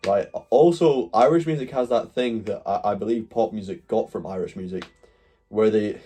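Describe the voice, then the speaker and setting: Man, stream host, low warm voice, chatty and rambling. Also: normal speed, breathy edge. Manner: rambling, answers chat between points. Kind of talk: casual live stream chat.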